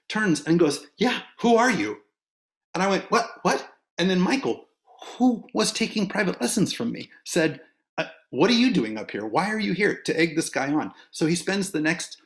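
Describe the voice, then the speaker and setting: A middle-aged man giving a casual, story-filled talk as a dance instructor, animated and chatty with frequent restarts and fillers. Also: mid-range voice. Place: home set-up for an online event.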